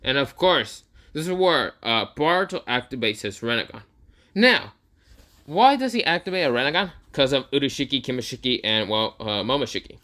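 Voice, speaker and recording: A young man retelling a fan story in a casual, rambling way, correcting himself and filling pauses often. His voice is bright and sharp. His pitch moves around a lot. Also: big pitch swings. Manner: rambling, many fillers and self-corrections.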